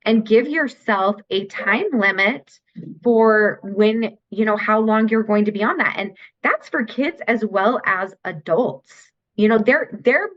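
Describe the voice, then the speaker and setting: A woman's voice: mid-range voice, measured pace. A middle-aged woman, a mentor for teens, explaining earnestly and patiently as a guest in an interview. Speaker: guest, teen mindset mentor. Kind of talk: podcast interview conversation. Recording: dull lo-fi sound.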